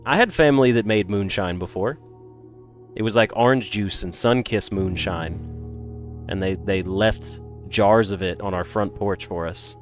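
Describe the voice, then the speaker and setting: A man with an American accent, a little congested, chatting casually with viewers in a rambling, animated way. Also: lowish voice, unhurried, faint music behind. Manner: animated, rambling, swings between loud bursts and mutters. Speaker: streamer.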